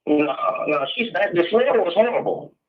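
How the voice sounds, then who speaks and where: A man's voice: high voice, expressive, moderate pace, dull audio. A man calling in by phone to a talk show, blunt and profane, repeating the same points over and over. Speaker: caller. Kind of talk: heated call-in conversation.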